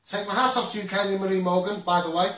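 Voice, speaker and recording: A man's voice: high voice, flat delivery, fast, bright, forceful tone, a little hiss or hum. A man with a Scouse accent hosting a Facebook live, talking in a rambling, impassioned way with many restarts. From Liverpool. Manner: rambling, repetitive, with frequent restarts and "um"s. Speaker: Facebook live host and campaigner. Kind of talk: impassioned live stream monologue. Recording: roomy echo, distant from the mic.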